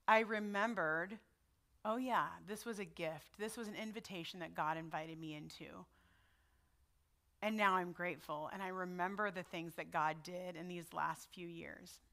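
A woman's voice: lowish voice, sharp tone. A middle-aged woman giving a sermon in a personal, conversational way, often checking in with her listeners. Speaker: preacher.

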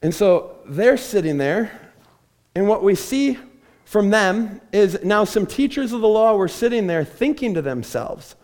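Man, pastor, sermon, high voice, wide-ranging lively pitch, animated storytelling. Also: measured pace. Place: church stage.

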